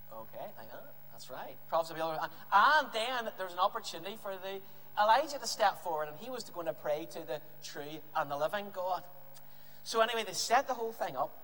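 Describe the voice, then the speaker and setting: Animated male preacher telling a story. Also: on the high side. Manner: lively storytelling, acting out scenes. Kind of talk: animated children's Bible story. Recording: reverberant hall with faint noise.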